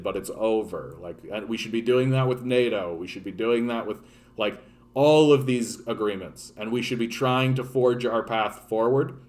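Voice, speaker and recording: A Canadian man rants about politics with blunt passion. He stumbles into repeated words and leans on "like" again and again, restarting as his thoughts race ahead. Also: mid-range voice. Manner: stammering repeats and constant "like" fillers; blunt and impassioned. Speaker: political commentator. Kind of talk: ranting political commentary.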